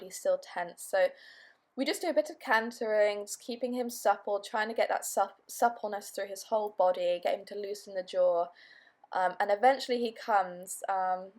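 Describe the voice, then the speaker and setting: A young woman vlogging casually, her voice a little hoarse after being ill, talking in a chatty, bubbly way. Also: mid-range voice, darkish tone. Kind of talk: casual vlog chat.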